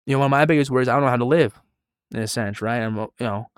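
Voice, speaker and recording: A man in his twenties giving a relaxed, conversational sermon, often dropping quiet and tired, then rising to stress a point. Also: medium pitch, very fast, clean tone, dry recording, clean studio sound. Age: 20s. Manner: soft-spoken, conversational, trailing quiet between emphatic rises. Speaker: preacher.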